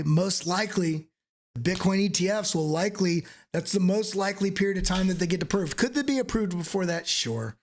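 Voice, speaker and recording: A man's voice: sits high, animated, fairly quick. A male host giving emphatic market analysis, repeating rhetorical questions to the viewer.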